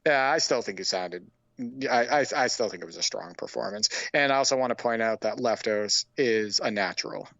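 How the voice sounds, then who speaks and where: A man's voice: on the low side, brisk, vocal fry, a bit bright, dry recording. A man co-hosting a podcast in casual chat, rambling with lots of fillers. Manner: rambling, many fillers like "and whatnot". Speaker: podcast co-host. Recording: slightly dull lo-fi mic.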